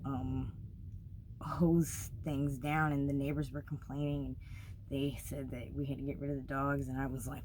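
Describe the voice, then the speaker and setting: A young woman telling a story of her travels in a casual, blunt, heavily profane way, getting animated as she relives it. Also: extremely low pitch, normal speed, a little hiss or hum.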